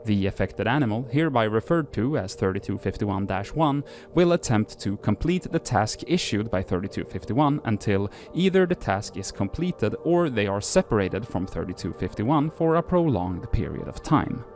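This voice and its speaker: A man's voice: fairly low pitch, sing-song, moderate pace, hardly any pauses, darkish tone. A man hosting a show, reading archive entries aloud and breaking off into casual, self-deprecating asides full of fillers.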